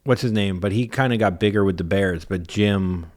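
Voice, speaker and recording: A young man co-hosting a comedy podcast with a lowish voice. He talks casually and bluntly, swearing freely as he riffs with his co-host. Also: moderate pace. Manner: blunt, profane, riffing.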